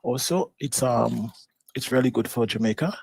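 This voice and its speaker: A man co-hosting a live talk show, playful and animated as he talks. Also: medium pitch, moderate pace, creaky, slightly rough, no room sound. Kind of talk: lively live-show banter.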